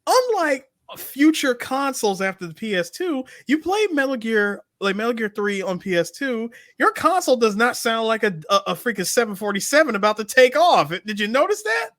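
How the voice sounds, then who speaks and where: A man's voice: very high-pitched, big pitch swings, normal speed, few pauses, fairly bright tone, no room sound, studio quality. A man co-hosting a podcast in casual chat, making emphatic points and pushing back with repeated no's. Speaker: podcast co-host.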